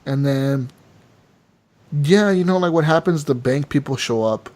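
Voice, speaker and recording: A man's voice: mid-range voice, measured pace, a little mellow. A man co-hosting a casual gaming podcast, retelling a story animatedly and swearing freely. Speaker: podcast co-host.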